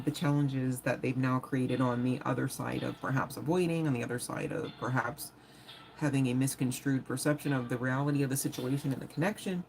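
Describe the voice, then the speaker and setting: Woman, low voice, casual live-stream tarot reading, chatty and blunt, frequent swearing, faint background noise. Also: a little mellow, poor audio. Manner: talks straight to viewers, laughing often. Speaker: tarot reader.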